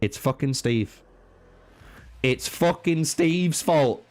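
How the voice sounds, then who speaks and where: A man's voice: fairly high pitch, takes it slowly, a little mellow, no room sound. A young man streaming a strategy game, swearing a lot and trolling with chat as he plays. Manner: profane, trolling banter with chat, swinging between raging and laughing. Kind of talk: live gaming stream commentary.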